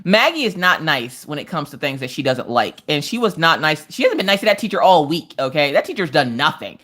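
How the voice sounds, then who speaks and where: A woman in her thirties hosts a casual livestream, telling family stories animatedly and laughing often. Her voice is deep and a little fast.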